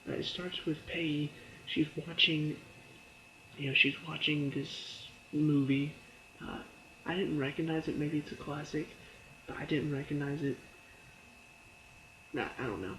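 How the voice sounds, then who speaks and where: Man with a gravelly, slightly high voice. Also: unhurried, long pauses, fairly bright tone, slight background noise, poor audio. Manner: chatty, many fillers, laughs while retelling scenes; briefly acts out characters' lines in quotes. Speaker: TV episode reviewer. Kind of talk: casual spoken review.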